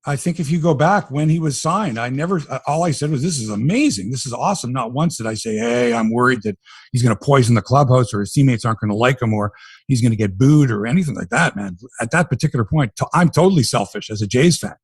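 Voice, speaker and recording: A middle-aged man hosting a sports podcast, talking in an animated, profane, ranting way. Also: mid-range voice, quick pace, husky, no echo, clean studio sound. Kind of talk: casual sports talk.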